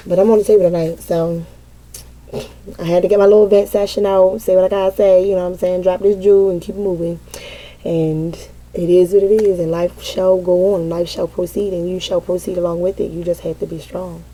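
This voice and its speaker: A woman's voice: on the low side, level tone, brisk, dark tone. A woman giving a casual vent session to her viewers as a tarot reader, dramatic and profane, often breaking into laughter.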